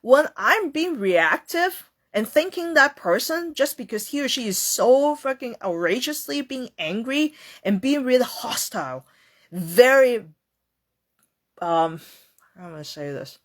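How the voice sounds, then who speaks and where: A woman's voice: a little high, very animated, measured pace. Earnest woman giving a mindfulness talk. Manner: earnest, repetitive, acts out quoted complaints. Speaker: host.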